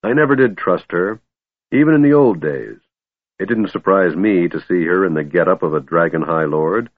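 A man doing a gruff old dwarf. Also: low voice, animated, normal speed, no room sound, phone-quality sound. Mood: bitter. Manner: gruff, snappish. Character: gruff old male dwarf, proud and grumbling.

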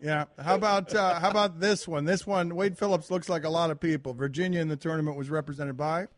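A man's voice: fairly high pitch, fairly even intonation, no echo, clean studio sound. A man hosting a sports radio show, bantering playfully and teasing his guest. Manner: playful, quick teasing delivery.

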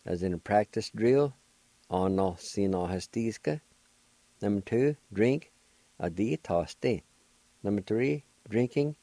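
Older man, Cherokee accent, radio language lesson, very low voice, dry close sound. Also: mellow, no room sound. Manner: slow, patient spelling out of words. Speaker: language teacher and radio host.

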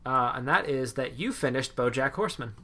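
A man in a mid-range voice hosting a podcast. He keeps the chat upbeat and is quick to laugh as he banters with his co-host. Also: medium pitch, animated, sharp tone. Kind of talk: casual chat.

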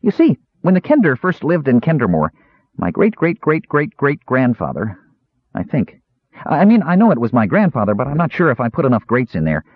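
A man's voice: medium pitch, wildly swooping pitch, brisk, slightly rough, dry recording, pitched above the performer's own voice, heavily acted. A man voicing a cheerful, chatty small kender, eager and rambling. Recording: thin phone-like audio.

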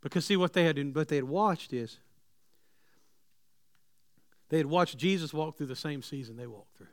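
A man preaching a sermon, moving between loud emphatic lines and soft, hushed ones. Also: fairly high pitch, a little fast, no room sound, clean studio sound. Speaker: pastor. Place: church sanctuary.

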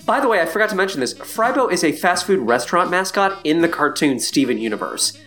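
A man in his thirties chats loosely on a podcast, his pitch swinging widely from line to line. He swears casually and breaks into laughs often, with faint music behind him. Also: sing-song, fast, fairly bright tone. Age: 30s. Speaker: podcast host.

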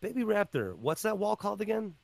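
A man hosting a casual podcast, excitable and loud, swearing often. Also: high voice, a little fast, creaky, no room sound. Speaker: podcast host.

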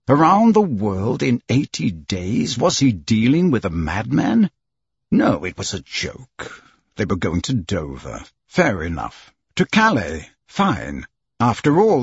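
Male audiobook narrator, lively pitch, husky, dull dry recording. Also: no room sound. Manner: expressive, storytelling delivery. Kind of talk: scripted narration.

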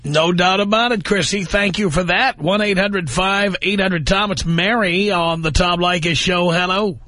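A man's voice: high-pitched, normal speed, sharp tone, dry recording. A man hosting a call-in talk radio show, ranting bluntly and mocking callers. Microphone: studio microphone.

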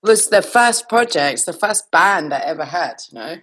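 A woman musician talking in a casual interview over a video call, reflective and quick to laugh. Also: on the low side, lively intonation, a bit bright, slightly rough. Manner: reflective, laughs easily, says "you know". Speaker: musician guest.

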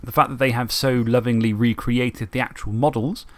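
A man's voice: medium pitch, steady tone, moderate pace, a bit bright. A man co-hosting a podcast, chatting casually and rambling, often laughing. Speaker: podcast co-host. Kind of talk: casual chat about tabletop and video games.

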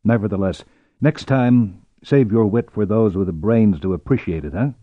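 This is a dry-witted, snappish officer in an audiobook, as a male narrator puts him on. He speaks lower than the narration, in a firm, clipped voice. The recording sounds dull and close. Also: moderate pace, no room sound, lightly acted. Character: dry, sharp-witted officer, middle-aged man.

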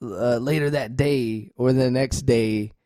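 A man's voice: medium pitch, steady tone, takes it slowly, warm tone, no echo, clean studio sound. A man co-hosting an improvised comedy chat, asking playful teasing questions. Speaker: co-host.

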